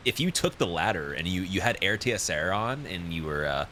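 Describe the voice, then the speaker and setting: A man's voice: low-pitched, big pitch swings, a little fast, pushed and bright, slight background noise, full character voice. A man impersonating a friend, a cocky young male streamer with a breezy bro cadence.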